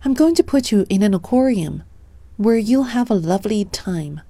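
A woman voicing a kind young boy who speaks softly and reassuringly in a storybook reading. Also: medium pitch, lively intonation, normal speed, dry recording.

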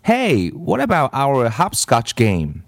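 A proud young schoolgirl, as voiced by a man reading aloud. The delivery is lively in pitch and unhurried. The sound is dry and close. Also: dry recording, heavily acted.

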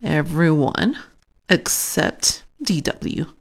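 A woman reading a children's picture book aloud in an expressive, unhurried way. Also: sits low. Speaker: storybook reader. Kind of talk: children's story read-aloud.

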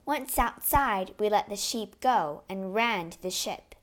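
A woman narrates an adventure tale in the first person, reading it aloud with an expressive storybook delivery. She speaks slowly and deliberately in a moderate middle pitch, measured throughout.

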